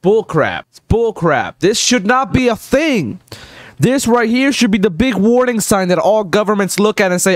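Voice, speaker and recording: A man streaming a reaction video, loud and profane, swinging between shouting and muttering. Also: high voice, big pitch swings, normal speed, no room sound, clean studio sound. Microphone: desk mic, no headphones.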